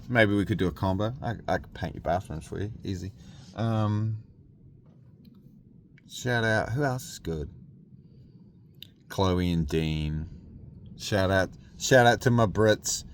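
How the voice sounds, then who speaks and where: A man's voice: deep voice, slight background noise. A man, rambling in a casual, outspoken streamer chat full of fillers and slang. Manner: rambling, with frequent filler words and laughter.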